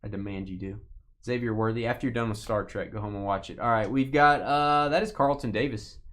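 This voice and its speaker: A man's voice: fairly low pitch, a little fast, a bit bright. A man hosting a live card break, chatting casually and joking while calling out player names from the packs.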